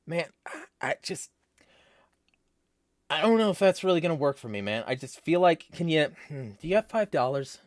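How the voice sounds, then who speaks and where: A man's voice: fairly high pitch, very animated, moderate pace, no echo, pitched above the performer's own voice. A man voicing a jittery, pleading man begging for bus money in a hesitant, stammering way. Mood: wheedling.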